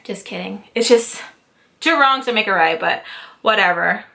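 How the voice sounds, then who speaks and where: A woman in her twenties telling a story to camera in a casual vlog, animated and dramatic, with swearing and acted-out quotes. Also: mid-range voice, normal speed, vocal fry. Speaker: YouTube storyteller, mother.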